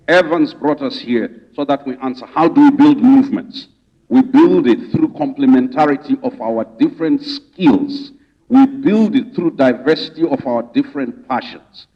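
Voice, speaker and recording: A man's voice: medium pitch, normal speed, slightly rough. Zimbabwean man giving a rousing stage speech. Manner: rousing, rhetorical questions, preacher-like repetition. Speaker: rights advocate giving a speech. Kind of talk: public speech to an audience. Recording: distant, dull hall recording.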